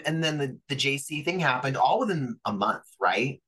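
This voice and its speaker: Bright-voiced man telling wrestling stories. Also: fairly high pitch, sing-song, moderate pace, few pauses, rough recording. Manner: chatty, lots of fillers and quoted dialogue. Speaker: professional wrestler guest. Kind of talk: casual storytelling interview.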